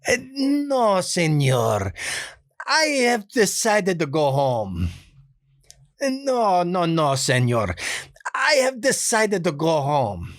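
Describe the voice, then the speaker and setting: Pleading nice-guy man, put-on Spanish accent, high and lively, hoarse old-dub sound, a man voicing him. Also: takes it slowly, no echo, studio quality, full character voice.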